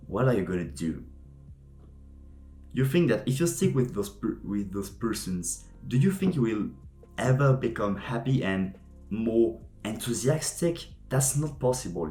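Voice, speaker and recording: A man's voice: low-pitched, darkish tone. A young man, a vlogger musing aloud in a rambling way, often searching for his words. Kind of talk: casual reflective monologue to camera. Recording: echoey room with faint music.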